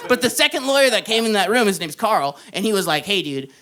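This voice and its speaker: A man's voice: sits high, fast, sharp tone. A young man doing a stand-up comedy set, telling a long story in a loose, casual way and acting out the other people in it. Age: young adult. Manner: casual storytelling, says dude a lot, acts out quoted lines. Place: comedy club stage.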